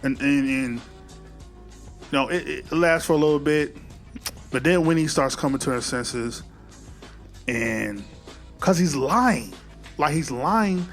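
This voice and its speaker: A man's voice: a little high, takes it slowly, pauses often, soft background music. A man recapping a movie in a casual, slangy way, acting out the characters' lines as he tells the story.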